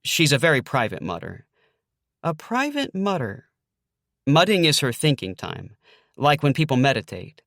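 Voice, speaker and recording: A man's voice: medium pitch, sing-song, normal speed, vocal fry, a bit bright, dry recording. A young adult man narrating a first-person audiobook, hesitant with dry understatement.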